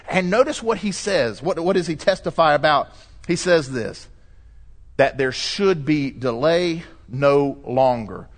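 A middle-aged man pastor delivering a sermon, preaching emphatically and rising to loud cries when he quotes scripture. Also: fairly high pitch.

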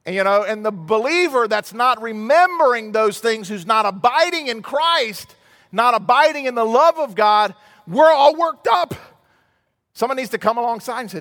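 A man's voice: very high voice, expressive, measured pace, a bit bright. A man preaching a sermon as a pastor, telling stories conversationally and building to emphatic outbursts. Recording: long hall reverb.

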